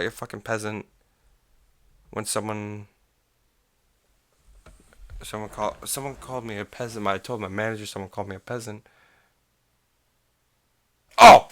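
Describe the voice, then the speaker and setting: A young man talks through stories on his own podcast, stumbling over words and cursing as he goes. His voice is bright and a little sharp, recorded close and dry with no room sound. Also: fairly low pitch, dry recording. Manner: rambling, restarts and swears often, loses his train of thought. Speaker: podcast host. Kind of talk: casual solo podcast storytelling.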